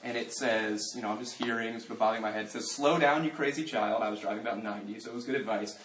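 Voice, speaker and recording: A man's voice: on the low side, level tone, very fast, a little hiss or hum. Man, Christian talk, humorous then earnest, roomy hall, distant mic. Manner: humorous, shifting into quiet earnest reflection. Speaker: speaker giving a Christian talk. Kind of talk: conversational talk to a live audience.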